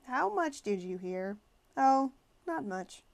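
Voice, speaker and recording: A woman's voice: high voice, big pitch swings, slow pace, creaky, a little mellow, no room sound, pitched above the performer's own voice, heavily acted. A woman reading an audiobook, voicing an anxious, fidgety teenage boy who stammers nervously. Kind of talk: audiobook character voice.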